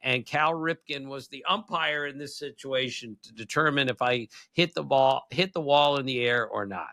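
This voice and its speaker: Gravelly man in his sixties. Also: mid-range voice, moderate pace, bright, forceful tone, dry recording. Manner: rambling anecdotes with frequent laughs. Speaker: co-host, former baseball writer. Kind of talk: casual storytelling chat.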